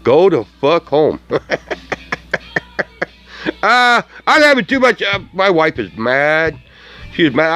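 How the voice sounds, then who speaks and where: Man, vlogger, profane mocking rant, slightly high voice, very animated pitch. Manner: angry, mocking, laughs often, heavy swearing.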